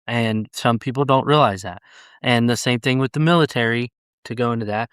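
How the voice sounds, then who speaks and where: A man's voice: medium pitch, a little fast, fairly bright tone, clean tone, dry recording, clean studio sound. Blunt, profane man telling cop stories. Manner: blunt, profane, acts out quoted voices. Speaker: police officer, podcast guest. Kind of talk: casual storytelling chat.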